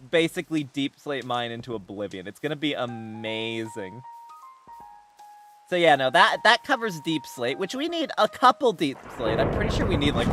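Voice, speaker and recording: A man's voice: fairly high pitch, fairly bright tone. A man chatting casually while streaming a game, rambling with many restarts and bursts of laughter. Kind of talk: casual game livestream chat.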